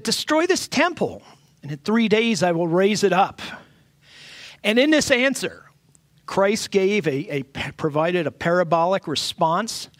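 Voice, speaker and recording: A pastor's voice, a middle-aged man with a notably high pitch, preaching in an earnest, halting way that keeps circling back to restart his sentences. The sound is dry and close, with no room around it. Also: no room sound. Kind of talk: sermon.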